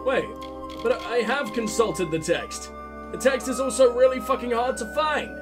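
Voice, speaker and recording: A man's voice: very high-pitched, normal speed, music in the background. A sick man hosting a game let's play, joking crudely and swearing a lot. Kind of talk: gameplay commentary.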